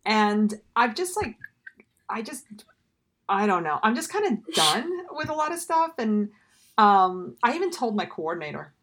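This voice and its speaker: A woman's voice: mid-range voice, sing-song, moderate pace, fairly bright tone. A woman telling a story in casual conversation, wry and trailing off, acting out the lines of others. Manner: wry, trails off, acts out quoted dialogue.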